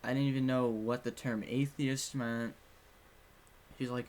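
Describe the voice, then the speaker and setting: A man's voice: medium pitch, fairly even intonation, measured pace, a little mellow, a little hiss or hum. Young man rambling frankly through a story. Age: young adult. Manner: rambling, frank, swears casually. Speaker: vlogger. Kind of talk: casual personal storytelling.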